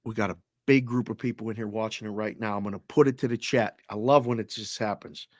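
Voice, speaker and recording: A man co-hosting a casual sports talk show, cracking jokes and tossing in quick interjections. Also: lowish voice, no echo, studio quality. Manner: wisecracking, animated interjections. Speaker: co-host.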